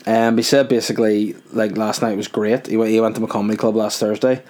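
A man's voice: on the low side, little pitch movement, a little fast, darkish tone. A man hosting a podcast in a casual, rambling comedic monologue, full of "like" and swearing. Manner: rambling, jokey, with frequent swearing and "like". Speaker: podcast host and comedy club runner.

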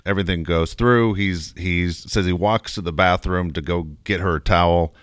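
A man's voice: deep voice, normal speed, smooth, no room sound, studio quality. A middle-aged man co-hosting a casual podcast, telling stories and acting out quotes. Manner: animated storyteller, acts out quotes. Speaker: co-host. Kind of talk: casual storytelling banter.

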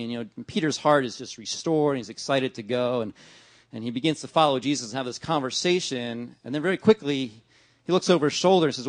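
Speaking briskly at medium pitch, a middle-aged male pastor preaches conversationally, peppering his talk with "right?" and "man." He frequently acts out dialogues with God, and the studio recording is clean with no room sound.

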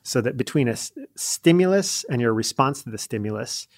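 Male interview guest at a middle pitch, talking casually and with animation. He tells stories in a loose, chatty way, acts out the lines he quotes, and uses plenty of filler words. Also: a little fast. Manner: lively storyteller acting out quoted lines; frequent fillers like "like" and "you know". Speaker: podcast guest, leadership coach. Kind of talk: conversational interview.

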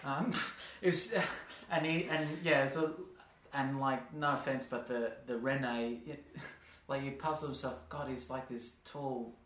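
A man's voice: mid-range voice, fairly even intonation, a little slow, few pauses, fairly bright tone, slight background noise. A man hosting a podcast, chatting casually and rambling with frequent laughs. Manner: rambling, laughs often, playful voices for examples. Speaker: podcast host. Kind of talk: casual chat. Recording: roomy echo.

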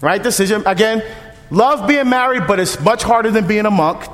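High-voiced deacon telling lively stories. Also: male voice, normal speed, faint music behind. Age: 50s. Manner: lively storytelling, humorous, acts out dialogue. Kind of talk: parish mission talk. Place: church. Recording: long church reverb.

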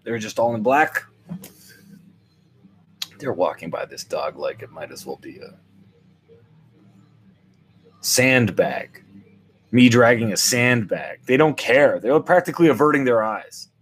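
Hosting a podcast on his own, an older man tells a wry, rambling comic monologue for his listeners, animatedly slipping into quoted voices. His medium-pitched voice is slightly rough, a little slow, and full of frequent pauses.

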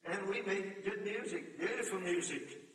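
An older preacher with a very high, bright, ringing voice, heard from a distance in an echoing hall with a long reverb. He tells his story with feeling, slips into singing hymn lines and rises to shouted appeals. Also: normal speed. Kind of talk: camp meeting sermon. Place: large meeting hall or tabernacle. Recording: echoey hall, voice from far off.

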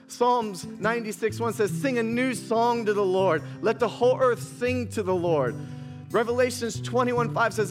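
A male pastor preaching an emotional, impassioned sermon, repeating phrases as he builds, speaking to viewers watching online. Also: high-pitched. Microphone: streamed to online viewers.

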